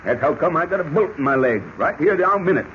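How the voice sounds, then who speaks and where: An actor playing a folksy old cowboy prospector who talks in a stubborn Western drawl full of rustic slang, in 1940s radio acting style. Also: male voice, on the high side, expressive, fast, lightly acted. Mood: wary. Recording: dull lo-fi old radio recording with hiss.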